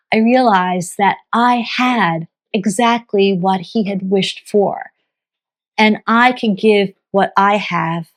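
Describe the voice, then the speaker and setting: A woman vlogger on a farm channel, telling a story in a gentle, heartfelt, reflective way. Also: mid-range voice.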